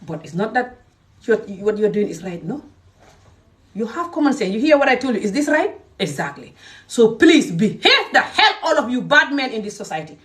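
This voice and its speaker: A woman's voice: a little high, very animated, normal speed, a bit bright, recorded from a distance. A woman delivering a scolding, confrontational vlog rant and hammering her points again and again. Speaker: social media commentator.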